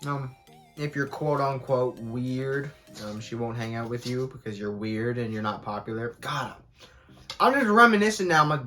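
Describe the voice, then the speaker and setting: A man's voice: mid-range voice, moderate pace, sharp tone, faint music behind. A young man vlogging casually while eating, talking candidly and rambling with lots of fillers, sometimes with food in his mouth. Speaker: mukbang vlogger.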